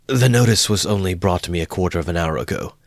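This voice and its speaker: A man voicing a poor, feverish young student who answers back slowly and stubbornly in a storybook reading. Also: sits low, sharp tone, no room sound, clean studio sound. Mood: defiant. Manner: faltering, then defiant.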